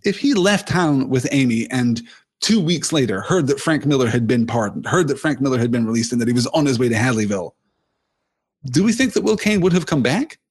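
A man giving a thoughtful film analysis, often rephrasing himself mid-sentence and stressing key points with lively emphasis. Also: medium pitch, fairly quick, breathy edge. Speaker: film commentator.

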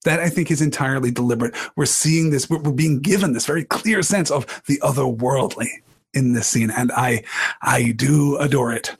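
A man with a mid-range, creaky, slightly rough voice speaks at normal speed as he reads aloud from a novel. Like a literature teacher, he discusses it enthusiastically with his audience and asks them questions.

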